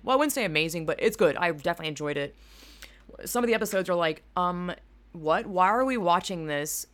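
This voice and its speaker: A young woman hosting a casual solo podcast from home, rambling through animated asides and swearing freely. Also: fairly low pitch. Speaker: podcast host. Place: home room at a computer. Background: keyboard clacking.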